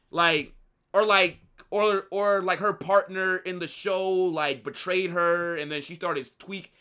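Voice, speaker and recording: A man's voice: sits high, fairly even intonation, slow, pushed and bright, clean tone. A young man casually chatting to his live-stream viewers in a slangy, rambling way. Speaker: watch-along streamer.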